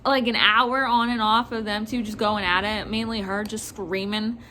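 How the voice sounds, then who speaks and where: A woman who works in retail telling a casual storytime about a customer, animated and often laughing. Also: mid-range voice, moderate pace, a little hiss or hum. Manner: animated, laughing, mimicking others. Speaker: retail store worker.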